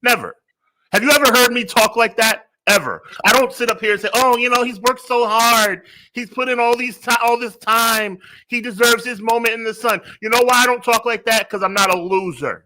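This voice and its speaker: A man's voice: sits high, a little fast, pushed and bright, pitched above the performer's own voice, rough recording. A man playing a smug, arrogant heel wrestler persona who rants and repeats himself. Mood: smug ranting. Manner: ranting, self-righteous, repeats himself.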